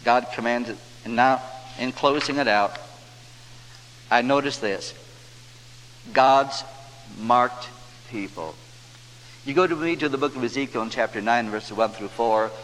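A man preaching a sermon, quoting scripture and slowing down for emphasis. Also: mid-range voice, a bit bright. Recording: reverberant hall, faint hum.

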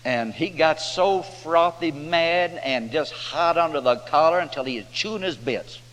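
A man's voice: a little high, unhurried, a bit bright. A man preaching a folksy sermon, telling a Bible story and putting on the voices of its characters in a drawling, homespun way. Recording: hall reverb with faint hum.

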